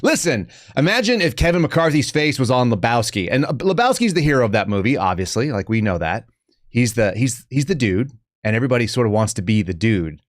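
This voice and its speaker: A man's voice: mid-range voice, sing-song, fairly quick, no room sound, studio quality. A man hosting a live podcast, giving casual political commentary in a sarcastic, rambling way with joking asides. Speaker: podcast host.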